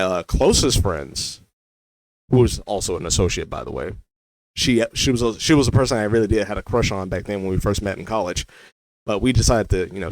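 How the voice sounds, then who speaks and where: A man's voice: on the low side, no echo, low-quality recording. Rambling man telling a personal story. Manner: rambling, heavy use of "like" and "you know". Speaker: vlogger.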